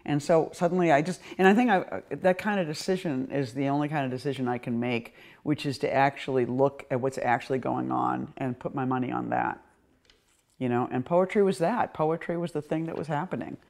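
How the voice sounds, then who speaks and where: A woman's voice: a bass voice, fairly quick, creaky, a little mellow. A woman poet with a Boston accent, musing in an interview and declaiming her poems with rhetorical questions. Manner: musing, circling, frequent "you know?". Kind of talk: reflective interview talk and spoken-word poetry reading.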